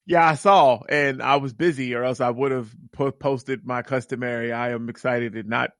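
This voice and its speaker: Excitable, profane podcast co-host. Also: male voice, mid-range voice, moderate pace, no room sound, clean studio sound. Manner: animated, profane, excitable storyteller. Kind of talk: casual chat.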